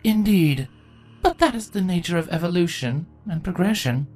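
A woman voicing a proud, sardonic female changeling queen who speaks in a deadpan, matter-of-fact way, in a fan fiction reading. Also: fairly low pitch, moderate pace, faint music behind, pitched above the performer's own voice, close to an everyday voice.

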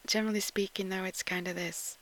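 A woman from Yorkshire with a posh English accent, chatting in a casual audio post and reading out word lists, often dropping to a soft whisper and giggling between words. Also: mid-range voice, fairly even intonation, brisk, low-quality recording. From Yorkshire, England. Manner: giggly, with frequent ums.

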